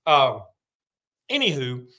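A man's voice: mid-range voice, huge pitch swings, takes it slowly, sharp tone. A man co-hosting a sports podcast in casual chat, joking and rambling as he talks. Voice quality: slightly muffled from a mint. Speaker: podcast co-host.

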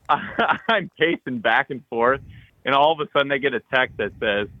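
A man co-hosting a podcast, telling an excited hunting story full of acted-out quotes and loud bursts. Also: medium pitch, normal speed, no echo, muffled recording. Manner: animated, loud bursts, frequent "like", acts out texts and quotes.

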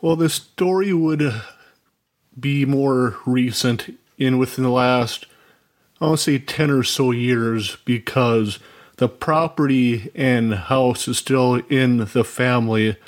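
A man's voice: mid-range voice, takes it slowly. A man from Minnesota calling in to a radio show, telling a story in an earnest, rambling way with many asides. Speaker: caller. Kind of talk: phone-in storytelling.

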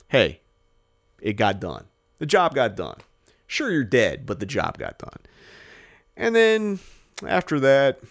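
Man, podcast host, casual movie chat, animated, profane, jokey, lively pitch. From Los Angeles area.

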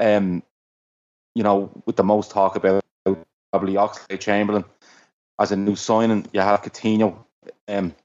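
A man's voice: lowish voice, a little mellow. A man hosting a casual football podcast, loose and joking, with the odd swear, on a dull lo-fi recording. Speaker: podcast host.

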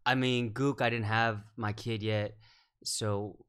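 Director guest on a chat podcast; low, resonant male voice, measured and thoughtful, full of "you know" fillers. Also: little pitch movement, fairly bright tone, clear, resonant tone. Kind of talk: casual podcast conversation.

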